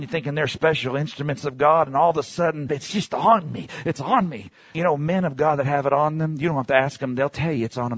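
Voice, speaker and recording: A man preaching a sermon in a fervent, emphatic, repetitive way, building to shouts and dropping low and slow. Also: no room sound, clean studio sound.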